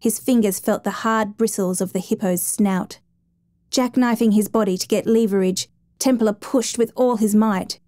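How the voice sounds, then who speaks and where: A woman reading a dramatic true story as a steady, measured narrator. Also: medium pitch, dry recording, clean studio sound.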